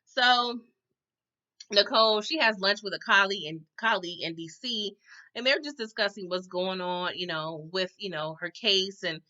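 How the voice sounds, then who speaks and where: A woman's voice: mid-range voice, moderate pace, sharp tone, dull audio. A woman giving a casual, chatty recap of a TV episode. She acts out the characters' lines and keeps tagging her sentences with "okay?". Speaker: TV recap host.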